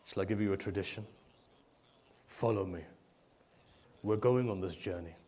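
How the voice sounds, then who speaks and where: A man preaching a mourning sermon in emotional storytelling, rising loud and falling soft. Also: moderate pace. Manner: emotional storytelling, swelling loud then dropping low. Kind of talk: majlis sermon.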